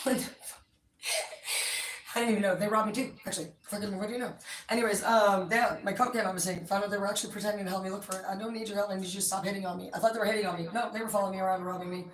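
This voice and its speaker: A woman's voice: medium pitch, fairly even intonation, racing. A woman talking in a rambling, casual monologue, swearing constantly as she jumps from thought to thought. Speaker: tarot streamer. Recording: echoey room, distant mic.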